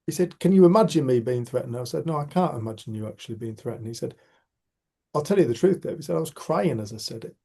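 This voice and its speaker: This group facilitator is a middle-aged Cumbrian man with a Northern English accent, running a relaxed video-call discussion. His medium-pitched voice is mellow and creaky with a breathy edge, animated and quick. He chats, teases and swears now and then.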